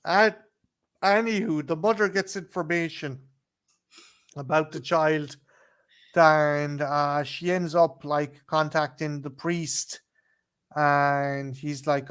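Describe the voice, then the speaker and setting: A man's voice: a little high, fairly even intonation, slow pace, fairly bright tone, clean tone. A man co-hosting a casual film review, recapping the plot with sarcastic, profane remarks. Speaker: podcast co-host.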